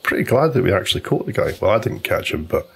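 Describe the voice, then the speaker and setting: A man's voice: on the low side, big pitch swings, quick pace, creaky, a bit bright, husky. A man casually telling a long, rambling story while commenting on a golf video game. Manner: chatty storyteller, loose and informal, many restarts.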